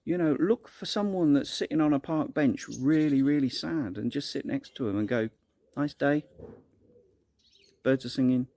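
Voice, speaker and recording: A man's voice: fairly high pitch, normal speed, hardly any pauses, dark tone. A man, telling a personal story in a casual vlog monologue, earnest and rambling, with many restarts. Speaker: vlogger.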